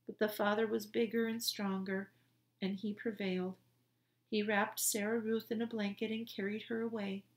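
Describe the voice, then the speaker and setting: A woman reading a children's chapter book aloud in a gentle, unhurried storytelling manner. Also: medium pitch, level tone. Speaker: storybook reader. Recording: roomy echo.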